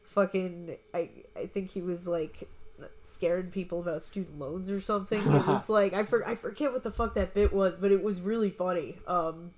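A woman's voice: on the low side, moderate pace, darkish tone. A young woman comedian guest telling stories in a casual, rambling way, full of restarts and swearing. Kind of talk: casual conversational storytelling.

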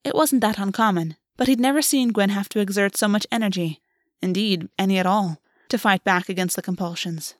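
A woman narrating a fantasy story aloud in a steady, even audiobook reading. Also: medium pitch, a little fast, few pauses, no echo, studio quality.

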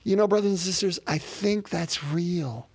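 A man's voice: sits high, normal speed, darkish tone, breathy edge, no room sound. A man preaching a sermon as a pastor, in a conversational way that repeats words and speaks straight to the congregation.

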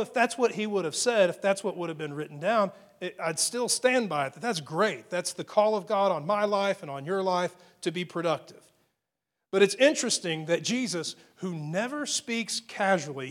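A man preaching a sermon as pastor, in a conversational way with frequent fillers and repeated phrases. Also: high voice.

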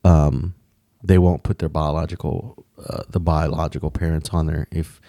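A man's voice: very deep voice, level tone, normal speed, vocal fry, dark tone, dry recording, studio quality. A man in casual conversation, rambling with frequent restarts and casual swearing. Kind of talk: casual chat.

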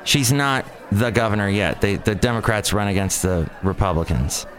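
Lively-pitched man telling a story. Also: normal speed. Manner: animated storytelling, mocking asides. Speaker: host. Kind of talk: casual chat.

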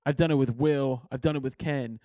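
A man's voice: medium pitch, fairly even intonation, brisk, dark tone, dry recording, clean studio sound. A young man hosting a podcast over a video call, joking and swearing casually. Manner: laid-back, joking, swearing. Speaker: podcast host.

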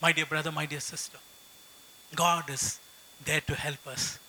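Middle-aged pastor guy preaching, kinda high voice, super bright and punchy, repeats himself for emphasis. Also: flat delivery, a little slow, slight background noise, low-quality recording. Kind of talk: sermon.

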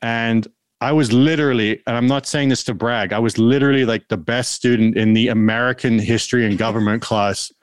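A man's voice: mid-range voice, steady tone, fairly quick, clean tone, dry recording, clean studio sound. A man from South Africa with a South African accent, joking around and rambling in a casual podcast chat. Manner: joking, rambling with many restarts. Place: Texas.

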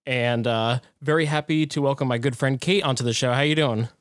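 Relaxed man introducing a guest. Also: medium pitch, fairly quick, no room sound, studio quality. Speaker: podcast co-host. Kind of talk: casual podcast chat.

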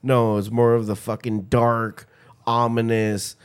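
A man's voice: lowish voice, little pitch movement, slow, clear, resonant tone. A young man co-hosting a casual podcast, telling rambling, profane stories and acting out quotes. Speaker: podcast co-host.

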